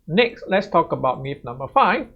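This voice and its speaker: Speaking to camera, this English tutor runs through exam tips in a sing-song, somewhat high male voice at a moderate pace. He's conversational and keeps tagging his sentences with "right?" The recording sounds slightly muffled and lo-fi.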